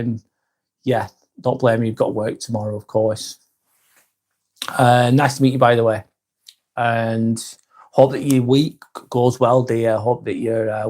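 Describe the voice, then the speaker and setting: A man's voice: mid-range voice, darkish tone. A young man with a Northern English accent, hosting a casual live stream, joking and swearing lightly as he reads viewer comments aloud, tired late at night. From north of England.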